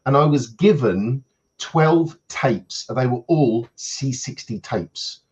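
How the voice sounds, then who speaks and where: A man's voice: medium pitch, lively intonation, takes it slowly, darkish tone, dull audio. A man, a coach, telling self-mocking anecdotes in casual chat on a video call.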